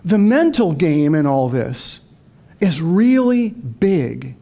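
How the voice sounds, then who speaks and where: A middle-aged man with a notably high-pitched, creaky voice gives a slow-paced motivational talk to a live audience. He tells his story with liveliness, acting out the back-and-forth in his head.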